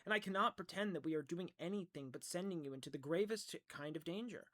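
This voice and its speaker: A man reading aloud as an otherworldly woman who lectures firmly, his pitch slightly raised and emphatic. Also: quick pace, a bit bright. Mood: lecturing.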